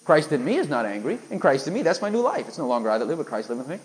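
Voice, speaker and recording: A man's voice: a little high, very animated, racing, a little hiss or hum, rough recording. A man preaching a sermon, emphatic and full of rhetorical questions aimed at his listeners.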